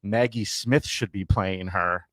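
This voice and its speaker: A man's voice: fairly low pitch, measured pace, a bit bright, no room sound. A man co-hosting a podcast, chatting casually and dropping sarcastic quips. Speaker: podcast co-host. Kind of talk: casual chat with wisecracks.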